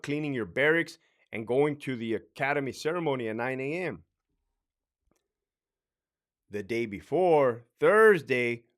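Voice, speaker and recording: A man's voice: medium pitch, fairly bright tone. Man telling an emotional story. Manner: emotional, halting, with repeated phrases and sighs. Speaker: podcast host telling a personal story. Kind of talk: casual personal storytelling.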